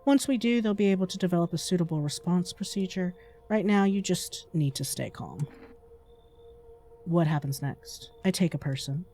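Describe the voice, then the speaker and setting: A woman voicing a calm government field agent with a measured, formal manner. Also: fairly low pitch, a little hiss or hum, natural voice.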